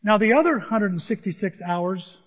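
Man, pastor, sermon, high voice, muffled sound, animated quoting. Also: normal speed, husky. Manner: animated preaching with acted-out quotes. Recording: dull sound in a large reverberant hall.

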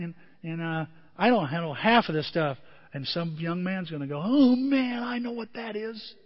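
A middle-aged man preaching a sermon as pastor, telling stories with animated asides to the congregation. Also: high-pitched. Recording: dull sound with long hall reverb.

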